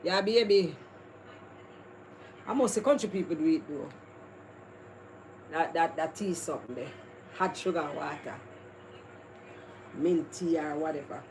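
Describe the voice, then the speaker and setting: A woman's voice: low-pitched, lively intonation, moderate pace, pauses often, darkish tone. A Jamaican woman hosting a casual live stream, chatting with viewers in a rambling, chatty way that is full of laughs. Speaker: livestream host. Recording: noisy background ambience.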